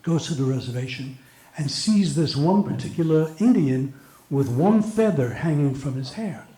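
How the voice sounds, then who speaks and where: A middle-aged man doing stand-up comedy at a comedy venue, telling long joke stories in an animated way. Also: a little high, moderate pace. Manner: animated storyteller. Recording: roomy echo.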